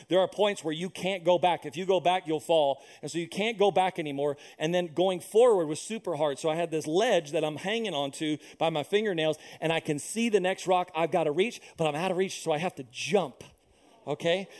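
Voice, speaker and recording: A man in his thirties preaches with an animated, storytelling delivery, often slipping into the voices of the people in his anecdotes. His voice sits high for a man. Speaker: pastor. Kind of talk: sermon.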